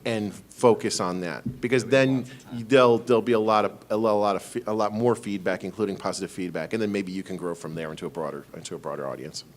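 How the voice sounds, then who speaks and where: Low-voiced stammering man on a panel. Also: brisk, few pauses, slight background noise. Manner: thoughtful, stammering restarts. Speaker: convention panelist. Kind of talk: casual panel Q&A advice.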